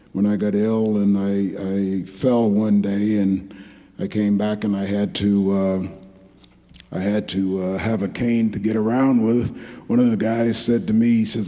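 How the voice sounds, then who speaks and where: A man's voice: lowish voice, fairly even intonation, measured pace, warm tone. An older man from New Jersey giving a folksy, rambling, joking acceptance speech at an awards ceremony in a large hall. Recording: echoey hall.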